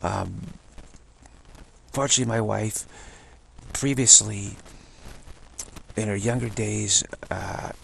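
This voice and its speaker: In a slow, self-taped talk from home, a spiritual teacher wanders casually through spiritual ideas, repeating himself, chuckling, and pausing often. His voice sits fairly low, creaky yet fairly bright, with a little hiss or hum in the recording.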